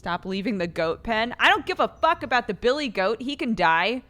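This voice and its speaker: Animated, foul-mouthed woman game streamer. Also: a little high, moderate pace. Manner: expressive, swears a lot, exasperated outbursts. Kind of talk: casual gameplay commentary. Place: home streaming setup.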